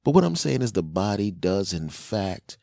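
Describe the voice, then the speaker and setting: Deep-voiced man doing a rambling comic monologue. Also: normal speed, creaky, dry recording, studio quality. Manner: rambling, animated storytelling with crude jokes. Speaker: podcast host. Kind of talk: comedic monologue.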